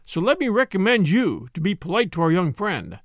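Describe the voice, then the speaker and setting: A man reading the part of a stern, sardonic old nobleman in an audiobook, deliberate and cold. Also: high-pitched, very animated, no echo. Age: older.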